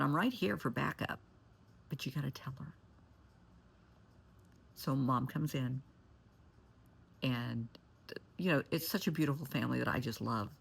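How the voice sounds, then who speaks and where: A woman therapist with a rumbling low, creaky, slightly rough voice recounts a client's story. She gives candid, blunt advice and shifts into forceful warnings.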